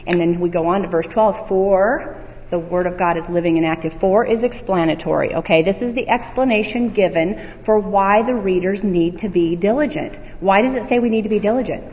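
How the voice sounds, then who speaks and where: A woman's voice: medium pitch, normal speed, darkish tone. A woman teaching a Bible study, reading verses aloud and checking in with rhetorical questions in an earnest manner. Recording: dull audio with long hall reverb.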